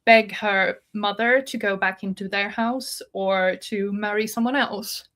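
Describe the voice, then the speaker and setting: A woman's voice: medium pitch, fairly even intonation, a little slow, fairly bright tone. Woman, podcast co-host, casual book talk, retells the plot, acts out quotes.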